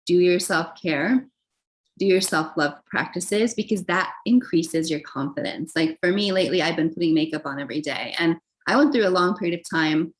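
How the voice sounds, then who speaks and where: A young adult woman giving a casual, chatty tarot reading, gentle in tone and full of fillers and soft laughs. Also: lowish voice, normal speed, rough recording. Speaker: tarot reader.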